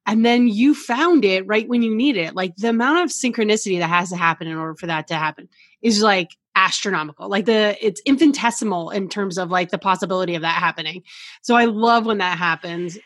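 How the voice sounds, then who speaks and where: A woman's voice: mid-range voice, brisk, dry recording. Co-host, woman with a middle-range voice, chatty and upbeat, recorded close and dry. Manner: chatty and enthusiastic, laughs and swears freely. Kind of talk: casual chat.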